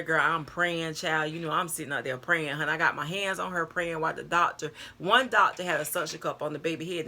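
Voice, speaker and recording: An older woman, telling a personal story to her viewers in a chatty, animated way, calling them girl and y'all. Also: low voice. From North Carolina, US. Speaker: vlogger. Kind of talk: casual storytelling to camera.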